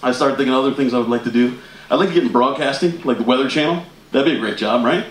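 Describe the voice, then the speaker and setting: A man's voice: mid-range voice, rapid-fire. A man performing a stand-up comedy routine, chatty and laughing through his punchlines. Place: comedy club stage. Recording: echoey room with loud audience laughter.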